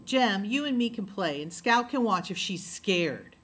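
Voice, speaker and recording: An eager small boy full of questions, voiced by a woman reading aloud. The tone is bright and clear, with plain everyday delivery. Audiobook character voice. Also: medium pitch, lively intonation, unhurried, slight background noise. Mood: curious.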